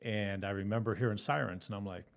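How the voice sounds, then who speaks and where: As an interview guest, a middle-aged retired police officer tells the story of his time on the force in an easygoing manner, laughing often. His fairly low voice is creaky, and he fills pauses with ums and uhs.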